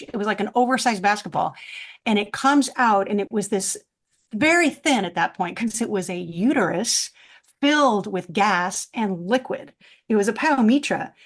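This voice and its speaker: Animated woman veterinarian telling stories. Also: medium pitch. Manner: animated, acts out voices in stories. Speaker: veterinarian guest. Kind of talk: casual podcast storytelling.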